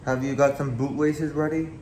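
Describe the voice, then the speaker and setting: A man's voice: medium pitch, little pitch movement, moderate pace, a little mellow, slight background noise, close to an everyday voice. A man reading a storybook aloud, voicing a cheeky, rude little tank engine. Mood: mocking. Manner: mocking, rude. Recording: echoey room, faint background.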